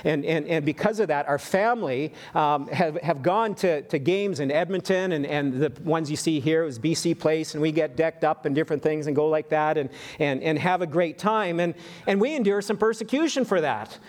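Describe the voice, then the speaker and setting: A male pastor preaches a sermon with a fairly high voice and a lively delivery. He often stumbles into repeated words and restarts before carrying on, and he tells stories with energy. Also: normal speed. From western Canada.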